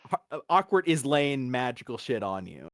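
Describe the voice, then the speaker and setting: A man narrating as game master, relaxed, with frequent fillers and easy laughs. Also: medium pitch, normal speed.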